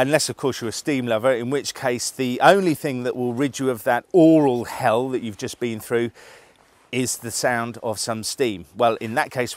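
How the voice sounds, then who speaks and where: A man's voice: mid-range voice, no echo. A man presenting a TV show in scripted voice-over narration, wry and jokey, fond of puns.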